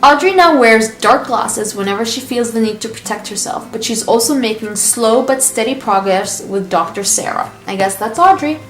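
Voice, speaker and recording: A woman's voice: on the high side, expressive, moderate pace, few pauses. A young woman vlogging about books, gushing and chatty, with lots of likes as she reads passages aloud. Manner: bubbly and gushing, with many likes. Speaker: book vlogger. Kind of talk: casual book review and reading aloud. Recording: roomy with faint music.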